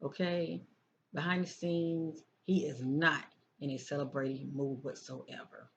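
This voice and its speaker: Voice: mid-range voice, steady tone, a little slow, gravelly. Tarot reader who keeps asking "okay?". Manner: keeps checking in with "okay?" and repeats phrases. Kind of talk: casual tarot card reading. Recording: dull lo-fi sound with faint noise.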